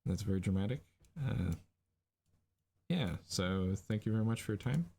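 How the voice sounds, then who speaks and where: A man sketching a scene live on stream and narrating it off the cuff, lively and rambling with fillers. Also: fairly low pitch, moderate pace, vocal fry. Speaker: storyboard artist streaming a lesson. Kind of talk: improvised livestream narration.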